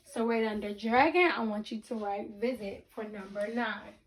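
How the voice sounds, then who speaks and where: A woman teaching a reading lesson to children, speaking slowly and deliberately, breaking words into syllables and checking in with the class. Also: mid-range voice, fairly even intonation. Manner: repeats sentences and checks in with the class.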